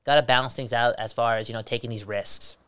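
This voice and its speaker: Smooth-voiced laid-back man, slangy chat. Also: medium pitch, fairly even intonation, quick pace, fairly bright tone. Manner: laid-back, swearing, slangy, laughs a lot. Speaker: podcast co-host. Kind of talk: casual chat.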